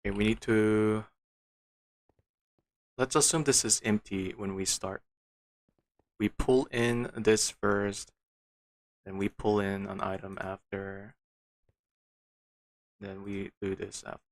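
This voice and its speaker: A man's voice: fairly low pitch, level tone, takes it slowly, creaky, long pauses, no room sound. A man streaming a game, muttering to himself with frustrated, disbelieving outbursts. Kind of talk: casual gameplay commentary.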